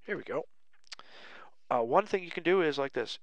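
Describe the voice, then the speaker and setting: A man teaching an English grammar lesson, slowly dictating example sentences word by word, with light self-mocking humor. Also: on the high side, lively intonation, gravelly, no echo. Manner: slow, deliberate word-by-word dictation.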